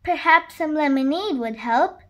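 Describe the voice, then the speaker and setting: A woman's voice: sits high, expressive, a little slow. A woman reading a children's story and voicing a stubborn little boy donkey who pleads and wheedles. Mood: whiny.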